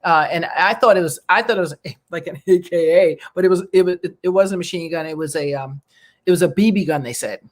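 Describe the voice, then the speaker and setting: A middle-aged woman from the New York area hosting a talk show, telling stories in a lively, animated way. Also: on the low side, fast. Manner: animated storyteller who acts out quoted voices. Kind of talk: casual chat, storytelling.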